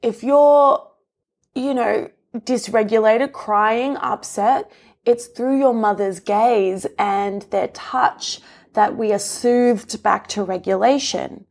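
A woman's voice: mid-range voice, fairly even intonation, takes it slowly, creaky, darkish tone. A young adult woman talking in a casual, earnest way, explaining ideas and sharing personal stories with laughs and asides. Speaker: relationship speaker. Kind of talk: reflective explanatory talk.

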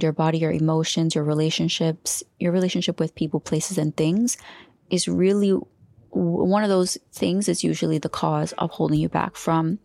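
A woman's voice: deep voice, gravelly, darkish tone, no echo. A woman hosting a solo coaching podcast, talking loosely with restarts and now and then dropping into a whisper. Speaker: podcast host and life coach.

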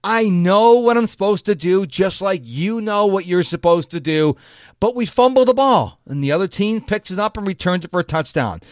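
A man's voice: sits high, expressive, normal speed, no echo, studio quality. A man hosting a solo podcast, talking straight to his listeners in a chatty, self-correcting way. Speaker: podcast host. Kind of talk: solo motivational podcast monologue.

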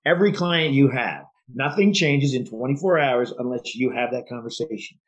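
A man's voice: medium pitch, normal speed, breathy edge, muffled recording. A man co-hosting a casual sales podcast, talking emphatically and rambling with restarts. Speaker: podcast co-host.

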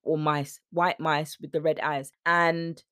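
A woman's voice: low-pitched, slow pace, clean tone, no room sound, studio quality. A woman hosting a podcast as a weight-loss coach, talking casually and acting out sing-song quotes of other people. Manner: chatty, animated, acts out sing-song quotes. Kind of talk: casual solo podcast talk.

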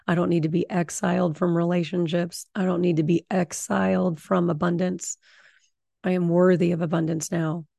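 A middle-aged woman hosting a podcast, giving earnest spiritual affirmations and teaching in a slow, soothing way. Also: lowish voice, little pitch movement, vocal fry, mellow, no echo, studio quality. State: tearful, voice breaking with emotion. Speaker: podcast host.

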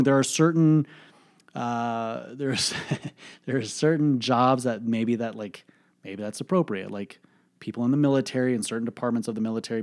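A man's voice: mid-range voice, a little mellow. A man hosting a podcast, telling a personal story in a blunt, profane and emphatic way, full of fillers. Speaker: podcast host. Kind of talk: candid podcast monologue.

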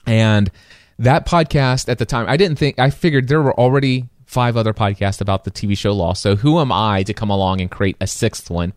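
A man co-hosting a podcast, telling a story in casual chat with animated asides. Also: lowish voice, dry recording, studio quality. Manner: animated, quick asides, acts out his own reactions. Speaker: podcast co-host.

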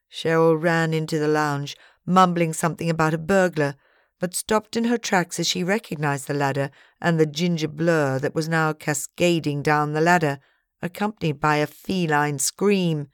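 Female audiobook narrator, low and measured, dry close recording. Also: smooth, no echo. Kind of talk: scripted narration.

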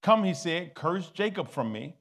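Male pastor, high voice, call-and-response sermon to a congregation. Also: sing-song, a little slow. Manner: preaching, rising to loud exhortation, calling for responses.

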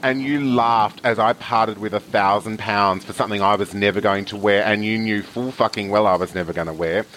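A man, telling camp, animated stories in casual chat. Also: on the low side, a little fast, hardly any pauses, slight background noise. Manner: camp, animated anecdote teller with acted quotes. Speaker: guest storyteller.

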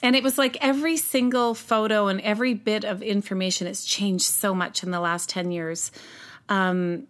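A mother recounting her own story as an interview guest, earnest and halting with frequent restarts. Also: mid-range voice, a bit bright. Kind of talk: personal storytelling in conversation.

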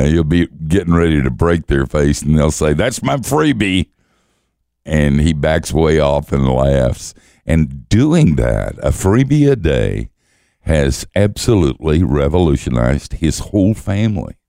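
A man's voice: rumbling low, big pitch swings, measured pace, dark tone, no room sound, studio quality. An older man, a guest teacher, telling stories in conversation with wry, self-mocking humor and frequent chuckles. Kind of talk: storytelling conversation.

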